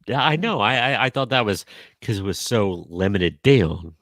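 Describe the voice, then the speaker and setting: Man, low voice, lively pitch, podcast co-host, reads questions, laughs a lot, dry sound. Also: normal speed, dry recording. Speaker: podcast co-host leading a game segment. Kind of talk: casual chat.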